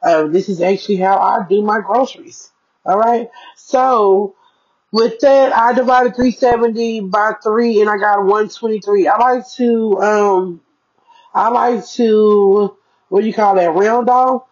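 Chatty mom vlogger, dull lo-fi sound. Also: female voice, mid-range voice, a little slow, darkish tone. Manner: chatty, talks straight to viewers, keeps checking in. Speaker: parenting vlogger. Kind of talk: casual budgeting vlog.

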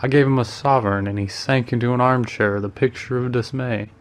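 A man reading the part of an earnest, soft-hearted young gentleman who is easily flustered. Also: medium pitch, fairly even intonation, brisk, lightly acted.

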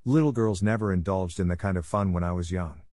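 A man's voice: low-pitched, normal speed, darkish tone, no room sound, clean studio sound. A man voicing a stern, prim, rich old woman who speaks sharply and severely, in an audiobook reading.

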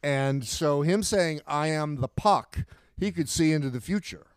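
A middle-aged man talks in a smooth, resonant voice, rambling through stories with restarts and bursts of excitement. The sound is dry and close, with no room around it. He sounds like a podcast co-host chatting loosely with a friend. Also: a little high, measured pace, no room sound. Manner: animated, rambling storyteller with frequent restarts. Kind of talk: casual chat.

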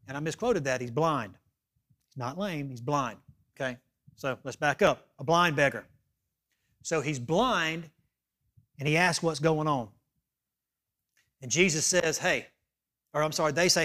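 A male pastor preaching a sermon, emphatic, dropping to hushed asides and rising to loud appeals, often checking in with "okay?". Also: on the high side, expressive, measured pace, pauses often.

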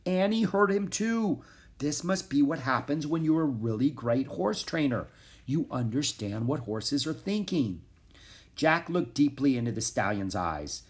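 A man narrating a children's chapter book in a calm, even reading voice. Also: medium pitch. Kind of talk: storybook narration.

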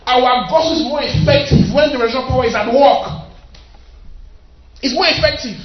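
A man preaching a sermon, emphatic, repeating phrases and shouting at the peaks while reading scripture aloud. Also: very high voice, fairly quick. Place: church hall. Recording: echoey hall, distant mic, dull sound.

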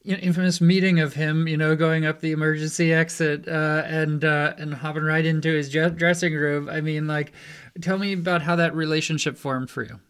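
A man hosting a podcast, asking interview questions in a halting way. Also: a little high, level tone, fairly bright tone, smooth. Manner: halting, full of fillers and restarts. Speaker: podcast host.

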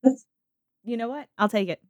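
A woman's voice: a little high, normal speed, a little mellow. A woman hosting a podcast, chatting playfully and joking with guests. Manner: playful, joking, laughing often. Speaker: podcast host. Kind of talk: casual podcast chat.

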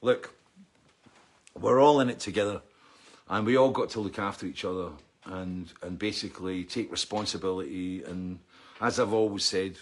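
Husky ranting Scottish man. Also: sits low, fairly even intonation, normal speed. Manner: sweary, ranting. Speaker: vlog host. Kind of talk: casual weekly video chat.

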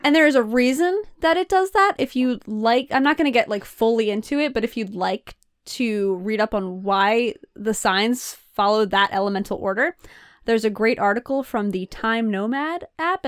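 A woman's voice: fairly high pitch, moderate pace, clean tone, no room sound, studio quality. A woman co-hosting a casual chat, patiently explaining with a giggly, loose manner and lots of "like". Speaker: podcast co-host.

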